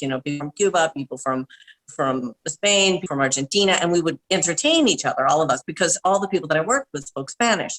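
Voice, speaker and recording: A woman's voice: lowish voice, a bit bright, poor audio. A woman voiceover artist as an interview guest on a video call, telling long, chatty anecdotes full of quoted asides. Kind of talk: casual storytelling interview.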